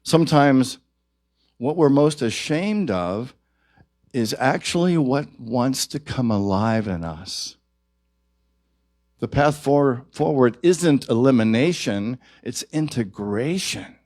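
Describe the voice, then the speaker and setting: A male minister giving a sermon at a church service, gentle and reflective, his voice rising to stress key points. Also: medium pitch, expressive, takes it slowly, dry recording, clean studio sound.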